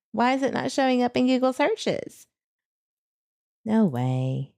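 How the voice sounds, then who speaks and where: A woman's voice: high-pitched, measured pace, darkish tone, no room sound, studio quality. A woman hosting a true crime channel, talking casually and with frustration to her viewers while she searches online. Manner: frustrated, talks to viewers, laughs between remarks.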